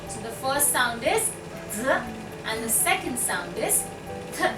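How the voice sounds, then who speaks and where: Slow-spoken woman phonics teacher. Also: a little high, big pitch swings, over music. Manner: sounds out letters one by one, exaggerated enunciation. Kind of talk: slow, clear classroom teaching for young children. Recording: echoey room, voice a bit distant from mic, audible background noise.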